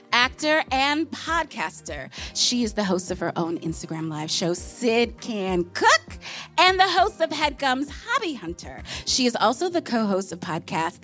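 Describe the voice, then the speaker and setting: High, animated woman co-host. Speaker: podcast co-host. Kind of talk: casual chat. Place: live show on stage.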